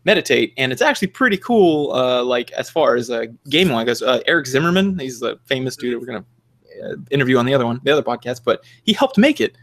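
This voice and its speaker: A man's voice: medium pitch, expressive, fast, a bit bright. A young man co-hosting a podcast in casual chat, rambling with lots of fillers and restarts. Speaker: podcast co-host.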